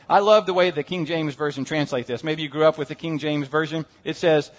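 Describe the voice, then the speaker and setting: A man's voice: mid-range voice, moderate pace. A male pastor giving a conversational, humorous Easter-style sermon in a church, often checking in with "all right?". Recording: dull sound with long hall reverb.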